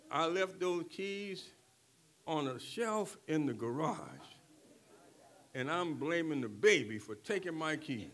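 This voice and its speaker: An older man preaching a sermon, who keeps checking in with the congregation and moves from quiet talk to shouting. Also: high voice. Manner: call-and-response preaching, swings from soft talk to shouting. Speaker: pastor.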